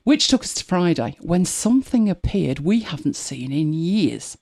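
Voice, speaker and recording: A woman's voice: on the low side, sing-song, normal speed, darkish tone. A woman with an English accent hosting a live podcast, telling wry everyday stories with a chatty manner. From Manchester, England. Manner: chatty, wry storytelling with laughs. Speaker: podcast host. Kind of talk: casual chat on a live podcast.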